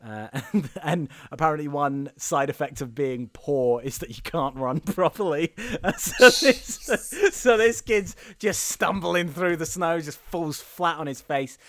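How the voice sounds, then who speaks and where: A man's voice: on the high side, measured pace, few pauses, a bit bright, no room sound, studio quality. Giggly young man recapping a film. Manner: laughs often, rambling with many ums. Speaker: podcast co-host. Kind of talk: casual comedic film recap.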